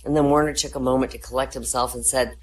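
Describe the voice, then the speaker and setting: Woman, very low voice, joke teller, deadpan storytelling, comedy night in a voice chat. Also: fast talker. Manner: deadpan storytelling, lifts pitch for punchlines. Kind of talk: telling jokes at an online comedy night. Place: online voice chat room.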